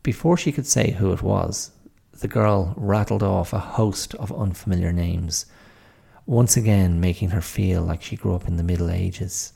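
A man narrating a story in a measured, gentle way. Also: deep voice, creaky, breathy edge. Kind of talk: scripted narration.

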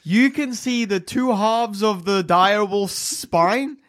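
A man running a tabletop game as dungeon master, narrating the action with a relaxed, chuckling delivery. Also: sits high, slow. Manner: laid-back, chuckling storyteller.

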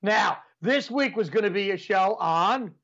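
A man's voice: high voice, expressive, a little slow, pushed and bright, lo-fi sound. A man co-hosting a podcast, telling rambling stories in casual chat and laughing often. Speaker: podcast co-host.

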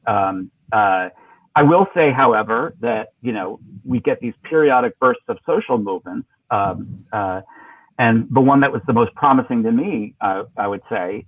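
Husky man on a tinny phone line. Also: mid-range voice, dry recording. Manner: thoughtful, hesitant, many fillers and restarts. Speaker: guest. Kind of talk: political interview.

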